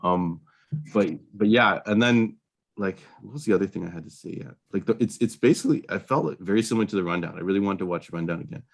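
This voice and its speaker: A man's voice: sits low, fast, vocal fry. A man co-hosting a podcast, chatting casually about a movie in a rambling way, full of fillers and restarts. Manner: rambling, filler-heavy, laughs easily. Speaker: podcast co-host. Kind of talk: casual movie review chat.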